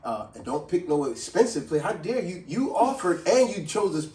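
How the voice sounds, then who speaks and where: A man with a fairly high voice talks through everyday manners in a relaxed chat and jumps into high, loud impressions of the people he quotes. He sits back from the mic in an echoey room. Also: normal speed, recorded from a distance. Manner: animated, acts out quoted people in a raised voice. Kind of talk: casual advice talk. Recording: roomy sound from off the mic.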